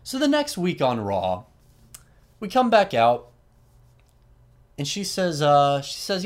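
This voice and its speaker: A man host casually retelling a story, animated and chatty, with frequent asides and fillers. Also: on the high side, slow, long pauses.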